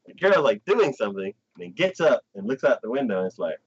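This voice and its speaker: A man on a casual livestream, walking through a story with a lively, swooping voice that climbs high when he imitates characters. The sound is dull and lo-fi, like compressed stream audio. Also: quick pace, husky. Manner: animated plot retelling, acting out characters in quotes. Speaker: anime podcast host.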